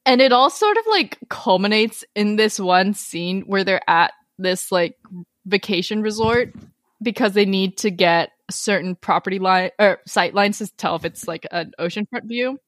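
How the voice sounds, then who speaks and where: A woman co-hosting a podcast in casual chat, relaxed and full of fillers as she recaps scenes. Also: medium pitch, normal speed, no echo, studio quality. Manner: relaxed, filler-heavy storytelling. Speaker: podcast co-host.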